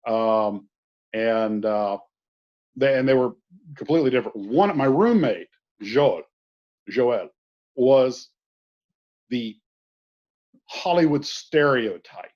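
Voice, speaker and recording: A man tells a meandering story in a relaxed, folksy way, his voice sitting at an ordinary middle pitch. The sound is dull and lo-fi, as if from an online call. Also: takes it slowly, long pauses. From southern US. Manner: rambling storyteller, folksy asides. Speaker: guest. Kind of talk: casual conversation.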